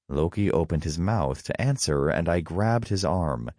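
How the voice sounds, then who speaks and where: A man's voice: low-pitched, lively intonation, unhurried, a little mellow, no room sound. A man narrating a story in the first person, with a wry, dry storytelling manner.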